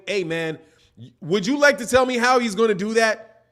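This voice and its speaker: On his boxing live stream, this man reads through viewer chats and pushes his argument with one rhetorical question after another. He speaks in a high-pitched voice at a moderate pace, animated and combative.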